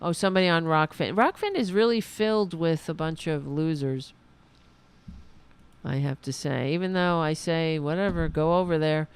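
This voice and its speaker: Faint music plays beneath a woman's political commentary show as she talks casually in a low, clear, resonant voice at a moderate pace. Her manner is sarcastic and mocking, and she reads out comments in imitating voices.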